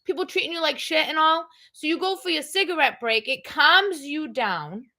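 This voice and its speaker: A woman's voice: high voice, expressive, moderate pace, pushed and bright. A middle-aged woman hosting a livestream, chatting casually in a blunt, rambling way. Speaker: livestream host. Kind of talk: casual chat.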